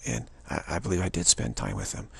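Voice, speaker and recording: A man's voice: sits low, big pitch swings, creaky, slightly rough. A man giving an earnest, rambling spiritual monologue, repeating himself and restarting sentences often. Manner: earnest, repetitive, halting with many restarts. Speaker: spiritual speaker.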